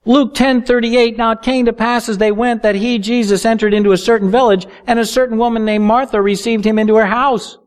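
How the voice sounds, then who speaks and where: High-voiced man preaching earnestly. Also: fairly even intonation. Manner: earnest preaching with slow emphatic stresses. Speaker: pastor. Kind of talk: sermon.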